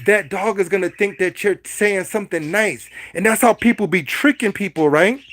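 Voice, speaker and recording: A man's voice: high-pitched, moderate pace, a bit bright. A man hosting a casual livestream, speaking in a preachy, repetitive way and addressing his viewers directly. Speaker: livestream host. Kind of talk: casual livestream talk to chat.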